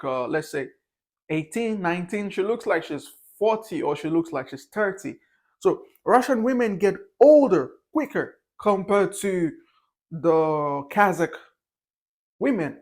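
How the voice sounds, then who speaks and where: A young man giving his candid opinions in a casual, rambling monologue, with fillers and restarts. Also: high-pitched. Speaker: vlogger.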